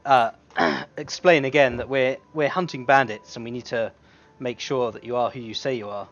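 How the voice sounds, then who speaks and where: A man's voice: mid-range voice, fairly even intonation, normal speed, fairly bright tone. A man playing a tabletop game online, talking hesitantly. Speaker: player. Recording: dull lo-fi mic.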